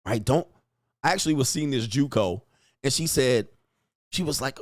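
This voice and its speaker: A man's voice: medium pitch, expressive, a little slow, gravelly, pauses often, dry recording. Brash profane man ranting to chat. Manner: brash, profane, loud rants with laughter. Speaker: online talk show host reading chat. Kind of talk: casual live-stream commentary.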